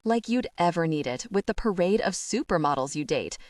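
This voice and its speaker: A nervous, wry young woman, read by a woman narrator, flustered and self-deprecating. The voice is lowish for a woman and recorded close and dry. It is an audiobook heroine's dialogue. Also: expressive, fairly quick, a little mellow, no echo, recorded from a distance, close to an everyday voice.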